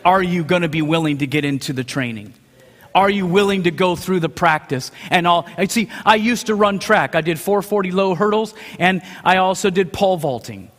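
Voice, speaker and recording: Man, high voice, middle-aged preacher, dramatic sermon, long hall echo. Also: normal speed. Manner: dramatic, acts out quotes, swings from hushed to shouting.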